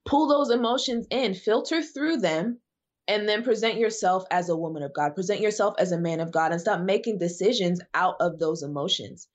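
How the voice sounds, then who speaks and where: A woman's voice: medium pitch, moderate pace, lo-fi sound. A woman speaking as a guest evangelist, preaching in an emphatic way that repeats phrases for emphasis. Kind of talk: preaching in a podcast conversation.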